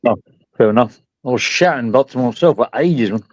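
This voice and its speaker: A man's voice: medium pitch, animated, a little fast, no room sound, lo-fi sound. A man rambling and swearing in casual banter on a video call. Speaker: live stream participant.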